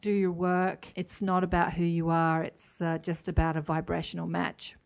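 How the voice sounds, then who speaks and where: A woman's voice: lowish voice, flat delivery, normal speed, vocal fry, a little mellow. A woman with an Australian accent, a radio host, chatting in an interview and laughing easily. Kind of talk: casual interview chat.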